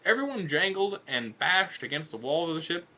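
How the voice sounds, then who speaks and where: Bright-voiced casual male storyteller. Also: on the high side, very animated, normal speed, dull audio. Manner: offhand, irreverent asides. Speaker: narrator. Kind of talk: casual comedic audiobook narration.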